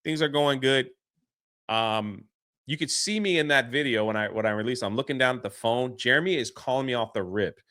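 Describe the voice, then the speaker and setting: A man telling a story as a podcast guest, excitable and quick to act out what others said. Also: mid-range voice, no echo, studio quality. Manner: excitable, swears mildly, acts out quotes. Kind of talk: animated storytelling.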